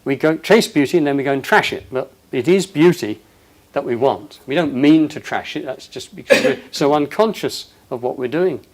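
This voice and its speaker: A man giving a passionate, emphatic talk to an audience, his voice rising loud on quoted lines. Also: medium pitch, lively intonation, normal speed. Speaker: speaker.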